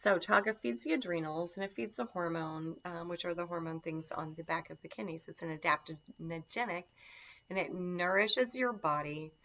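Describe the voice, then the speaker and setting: A woman's voice: fairly low pitch, moderate pace, fairly bright tone. A woman teaching a casual lesson on herbal remedies, chatty and enthusiastic, with lots of fillers. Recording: dull lo-fi sound.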